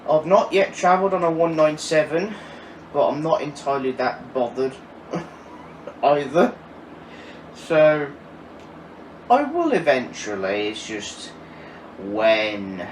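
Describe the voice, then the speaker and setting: A man's voice: on the high side, very animated, slow, pauses often. A man in his twenties answering viewer questions in a casual, chatty way. He laughs often and swears now and then. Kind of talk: casual Q&A chat. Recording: echoey, distant mic with faint ambient noise.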